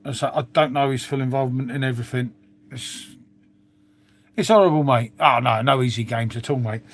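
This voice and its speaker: A man's voice: medium pitch, steady tone, brisk. A middle-aged man with a London accent, hosting a casual live stream and rambling on with plenty of swearing and "mate". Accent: London English. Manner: rambling, swears, frequent "mate" and tag questions. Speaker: livestream host. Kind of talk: casual chat to live viewers.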